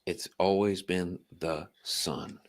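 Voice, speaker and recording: A man's voice: sits low, fairly even intonation, slow. A man co-hosting a casual late-night podcast, profane and emphatic, hammering the same point again and again. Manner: profane, emphatic, repeats his point over and over. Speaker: podcast co-host.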